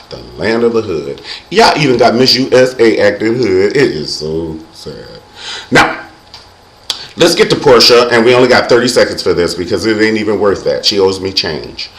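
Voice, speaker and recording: A man's voice: lowish voice, roomy sound, rough recording. A man hosting a casual comedic recap vlog, sassy and full of catchphrases. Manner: sassy, animated, catchphrase-heavy. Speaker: vlog host reviewing a reality show.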